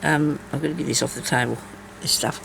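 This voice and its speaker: A woman's voice: rumbling low, steady tone, brisk, vocal fry, a bit bright, a little hiss or hum, low-quality recording. A woman chats casually while she embroiders, rambling from story to story with many asides. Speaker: craft vlogger.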